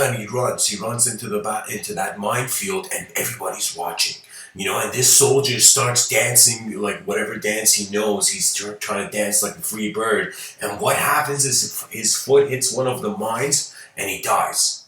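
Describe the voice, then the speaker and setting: A man's voice: on the low side, steady tone, normal speed, pushed and bright. A man giving a lecture, telling a story casually with many fillers and chuckles. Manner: loose and rambling, heavy on fillers, chuckles. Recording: roomy, from a distant mic.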